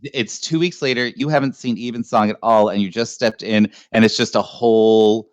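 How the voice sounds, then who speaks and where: Dry, low-voiced male game master. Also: fairly even intonation, moderate pace, dry recording, dull audio. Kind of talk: narrating a tabletop game.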